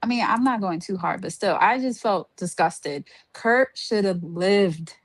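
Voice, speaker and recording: Woman, slow delivery, dry close sound, exasperated casual rant. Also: medium pitch, no echo. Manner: exasperated ranting with many fillers. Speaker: podcast co-host. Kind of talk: casual review chat.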